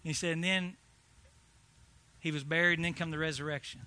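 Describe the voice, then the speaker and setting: A male pastor telling a story in a sermon, animated, swinging between hushed and loud delivery. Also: fairly high pitch, a little fast.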